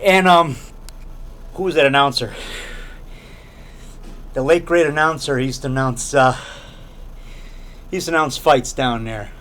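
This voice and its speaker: A man's voice: medium pitch, a little slow, pauses often, a bit bright. A middle-aged man chatting casually to a camera in a grocery store, rambling and repeating himself, often tacking on "man". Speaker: low-budget filmmaker and video blogger. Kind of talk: casual rambling vlog chat. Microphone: handheld camera held by a friend.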